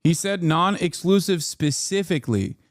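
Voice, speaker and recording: Streamer, 30s, male, slightly high voice, dry close mic, heated and profane reaction commentary. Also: lively intonation, normal speed, no echo. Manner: exasperated, profane ranting with sudden pitch jumps. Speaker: political streamer.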